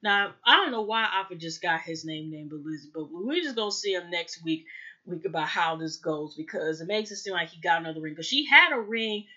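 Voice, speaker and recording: A woman's voice: lowish voice, expressive, a little fast, bright, forceful tone, muffled recording. A woman hosting a casual TV recap, rambling and chatty, often calling out to viewers. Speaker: reality TV review host.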